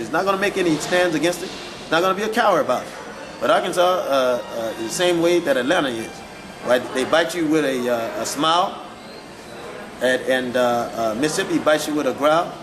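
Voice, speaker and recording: A male minister answering interview questions in a firm but halting way, with many fillers. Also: on the high side, lively intonation, low-quality recording.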